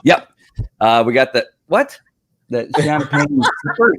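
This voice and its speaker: A man hosts a casual video call party on a livestream, chatty and rambling, often laughing between his words. His mid-range voice swoops wildly in pitch and runs a little slow, with a noisy background behind him.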